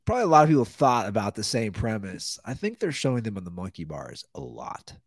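A man's voice: lowish voice, big pitch swings, fairly quick, husky, no echo. A male comedian hosting a podcast, telling stories casually with stammering restarts. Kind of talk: casual chat.

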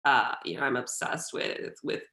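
Low-voiced woman in a roomy echo. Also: huge pitch swings, creaky, pushed and bright. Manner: halting, heavy on fillers. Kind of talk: casual discussion.

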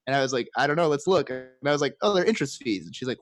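A man co-hosting a casual podcast, telling work anecdotes in an animated way. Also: medium pitch, racing, few pauses, dry recording. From USA. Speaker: podcast co-host. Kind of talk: casual chat.

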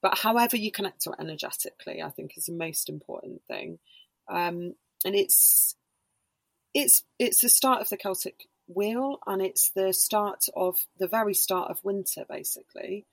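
A woman guest on a casual podcast chat, explaining slowly with lots of hedging fillers. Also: mid-range voice, lively intonation, gravelly, no room sound. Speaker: podcast guest, Reiki practitioner and embodiment coach.

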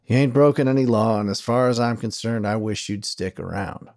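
A man voicing a gruff, steady frontier sheriff with a folksy drawl and a firm manner. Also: fairly low pitch, brisk, dry recording, studio quality, natural voice.

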